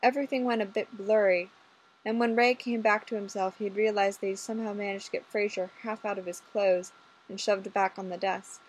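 A woman reading fan fiction aloud in a casual, expressive storytelling manner. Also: medium pitch, fairly quick, a little hiss or hum, poor audio. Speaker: audiobook reader.

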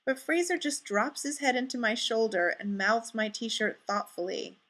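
A woman narrating a first-person story aloud, intimate and measured. Her voice is bright and a little high. She reads with steady expression. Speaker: story reader.

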